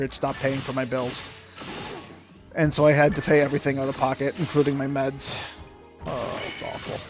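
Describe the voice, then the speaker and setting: A young man streaming a game, ranting casually in a sarcastic, profane, rambling way. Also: on the high side. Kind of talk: casual rant while gaming.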